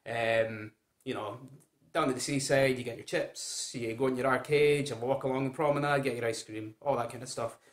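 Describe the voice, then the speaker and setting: A man's voice: mid-range voice, steady tone, moderate pace, roomy sound. A man talking casually straight to his viewers, chatty and informal, addressing them as guys and folks. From Scotland. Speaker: founder of a gambling recovery group. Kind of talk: casual direct-to-camera talk.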